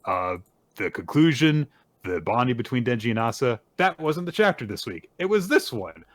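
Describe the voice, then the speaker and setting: A man's voice: mid-range voice, sing-song, normal speed, no room sound. A man hosting a laid-back podcast talks through comic chapters in detail, slipping into character lines as he retells them. His voice sits in an ordinary middle range and comes across dry and close, with no room sound. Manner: retells chapters at length, acting out quotes. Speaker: podcast host. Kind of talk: casual manga recap chat.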